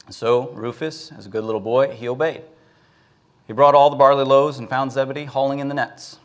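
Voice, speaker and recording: A man's voice: medium pitch, steady tone, a little fast. Preacher guy telling a bible story in his sermon, mid-range voice, a few uhs here and there. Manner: storyteller, with frequent filler words.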